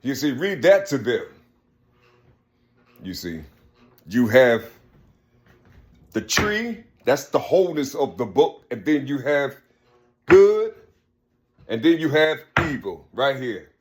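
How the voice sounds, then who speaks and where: A man's voice: medium pitch, very animated, slow, pauses often, slight background noise. A man giving a rambling spiritual monologue, repeating himself often. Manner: rambling, repeats "you see" constantly.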